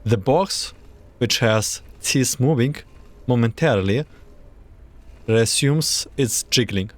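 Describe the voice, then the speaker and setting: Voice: mid-range voice, slow pace. A streamer narrating and translating a story game, reading scene narration plainly.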